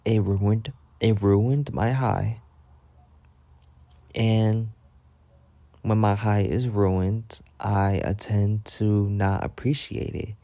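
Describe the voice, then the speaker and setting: A man's voice: on the low side, steady tone, extremely slow, long pauses, dark tone, no room sound, lo-fi sound. A young man telling a mock-dramatic storytime rant in slangy, swear-filled casual talk. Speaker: storytime vlogger.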